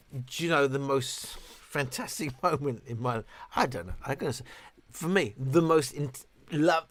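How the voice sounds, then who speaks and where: A man's voice: mid-range voice, fairly bright tone, dry recording. Rambling middle-aged man chatting on a livestream. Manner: rambling, chatty, self-interrupting. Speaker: livestream host. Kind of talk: casual livestream chat answering viewer questions.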